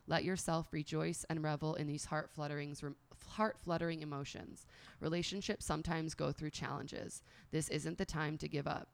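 This thirties-aged tarot and oracle card reader has a deep, gravelly voice. She chats casually while reading oracle cards aloud, her talk full of filler words.

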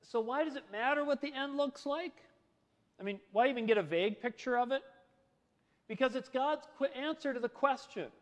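A man's voice: extremely high pitch, expressive, moderate pace, in a large hall. A man preaching a sermon in a conversational way, full of rhetorical questions. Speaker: pastor.

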